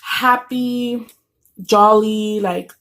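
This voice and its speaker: A woman's voice: medium pitch, extremely slow, fairly bright tone. Rambling woman telling a story at home. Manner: rambling with many fillers and restarts. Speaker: vlogger telling a story while eating. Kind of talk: casual storytelling.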